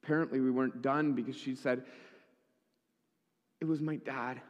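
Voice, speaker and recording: A man's voice: medium pitch, steady tone, moderate pace, muffled recording. A male pastor preaching a sermon, telling a story with wry humorous asides. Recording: echoey hall.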